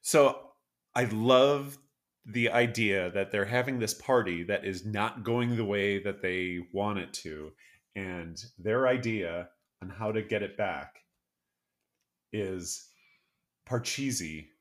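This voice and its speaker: Man with a low, relaxed voice. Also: takes it slowly. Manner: enthusiastic storyteller, laughs often. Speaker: podcast co-host. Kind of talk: casual chat about songs.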